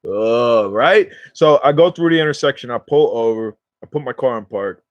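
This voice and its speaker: A man's voice: mid-range voice, expressive, normal speed, no echo, lo-fi sound. A man casually telling a rambling story straight to his viewers in slangy, everyday speech, speaking close to the mic. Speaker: cannabis vlogger.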